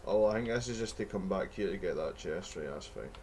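A man's voice: sits low, expressive, fairly quick, a little mellow. Glaswegian guy ranting and swearing over a game, faint hiss behind. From Scotland. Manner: sweary, rambling, mock-outraged. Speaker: gamer. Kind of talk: let's play commentary.

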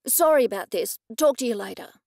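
A woman voicing a distracted, apologetic male police officer who speaks briskly. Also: on the high side, expressive, gravelly, mellow, dry recording, studio quality. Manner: brisk, offhand, quick.

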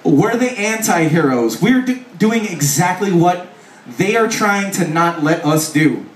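A man from the area, giving a loud, profane comic talk to a festival crowd from a stage, swearing and putting on mock voices. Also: high voice, animated, unhurried. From Chicago area. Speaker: author speaking at a music festival. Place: festival stage at a bar venue. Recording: echoey live venue, mic heard from a distance.

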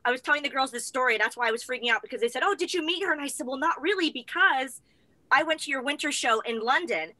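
A woman's voice: sits high, lively intonation, fast talker, bright, forceful tone, dry recording. An American woman co-hosting, gushing as a flustered fan over a video call. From United States. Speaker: co-host. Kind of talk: excited casual chat.

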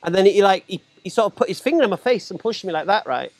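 A man, telling stories as a podcast guest, animated and laughing as he acts out other voices. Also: high-pitched, quick pace, no room sound. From England. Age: 40s. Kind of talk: casual storytelling chat.

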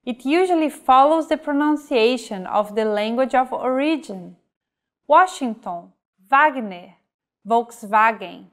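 A woman gives a scripted pronunciation lesson in an unhurried, deliberate way, with a voice that sits a little high. She says each example word on its own, slowly and clearly, as a teacher would. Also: lively intonation. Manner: careful, measured teaching delivery with modeled example words. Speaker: language teacher.

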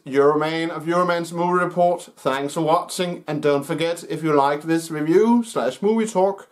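A man with a slightly high voice runs his own movie review show. His delivery is casual and unscripted, with lots of pauses, filler words and restarts.

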